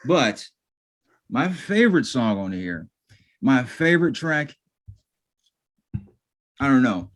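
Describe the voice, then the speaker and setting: A man's voice: mid-range voice, big pitch swings, takes it slowly, long pauses. Slangy, profane male podcast host. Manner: slangy and profane, calls people bro. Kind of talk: casual chat.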